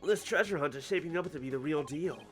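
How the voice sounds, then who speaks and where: A performer voicing a hearty older male adventurer in a fan voice-over of a story game, loud and boisterous. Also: fast talker, faint music behind, lightly acted. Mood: excited. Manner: boisterous, booming.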